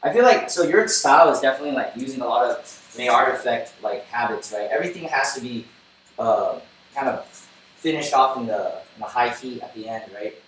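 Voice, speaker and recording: A man's voice: medium pitch, animated, brisk, a bit bright. Man, guest, asks curious questions, faint background hiss. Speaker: guest co-host. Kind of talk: casual conversation. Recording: very echoey room from far off.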